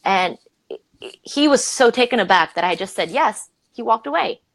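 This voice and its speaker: This woman, originally from Romania, is a leadership coach telling stories in a conversational interview. She's animated and acts out the voices of people she quotes with big pitch jumps. She speaks at normal speed, with no echo, on a low-quality recording.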